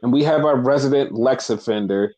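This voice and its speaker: A man's voice: medium pitch, a little fast, mellow, rough recording. A man co-hosting a wrestling podcast, telling the week's events in loose casual chat, full of fillers and swearing. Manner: loose, profane storytelling with lots of fillers.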